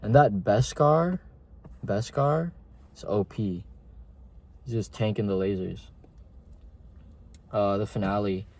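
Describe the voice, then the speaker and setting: Young adult male reviewer, lowish warm tone, loose slangy delivery. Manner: slangy, rambling, heavy on filler words. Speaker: TV show reviewer. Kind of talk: casual spoken review.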